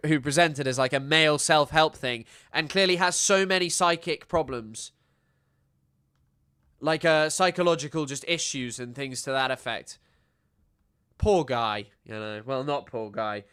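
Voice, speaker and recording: Brief: man, livestream reaction host, sarcastic and ranting, clean smooth voice. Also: mid-range voice, moderate pace, sharp tone. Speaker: streamer.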